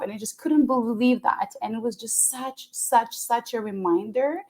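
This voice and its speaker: A woman's voice: a little high, moderate pace, few pauses, darkish tone. Emotional, laughing woman host. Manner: emotional, laughing often, effusive. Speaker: podcast host. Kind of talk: conversational interview.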